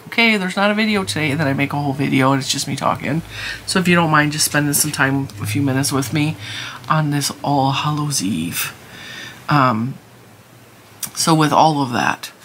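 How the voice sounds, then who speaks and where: A woman's voice: low-pitched, fairly bright tone, slight background noise. A tired middle-aged woman chatting casually to camera at home, rambling with many restarts and sounding worn out. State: exhausted and teary. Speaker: crochet channel host.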